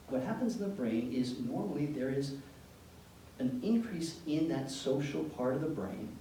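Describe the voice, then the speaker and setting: A man giving an educational talk to parents, telling anecdotes in an animated, joking way. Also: fairly high pitch. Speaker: presenter speaking to parents. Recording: echoey room from far off, faint background noise.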